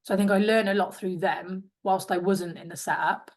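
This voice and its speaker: A woman's voice: medium pitch, steady tone, a little fast, a little mellow. A woman in her twenties from England, a former rugby player chatting as a podcast guest and acting out what others said to her. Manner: chatty, acts out quoted voices. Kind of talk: casual interview chat.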